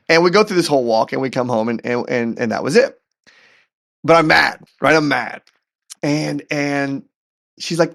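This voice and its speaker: A man as a podcast guest telling a personal story in an animated, earnest way, often repeating words as he goes. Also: on the high side, moderate pace, gravelly. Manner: faith-centered, earnest. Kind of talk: storytelling in conversation.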